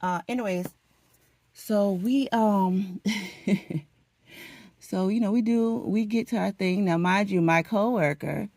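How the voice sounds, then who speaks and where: A woman vlogger chatting casually as she gets ready for work at home, telling a story in an animated, dramatic way with laughs. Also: mid-range voice, slow, long pauses, no room sound.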